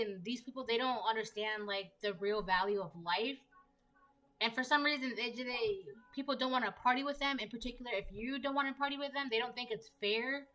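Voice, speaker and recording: A woman's voice: on the high side, pushed and bright, poor audio. A woman giving a casual collective tarot reading, talking conversationally and repeating her phrases as she reads the cards aloud. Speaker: tarot reader.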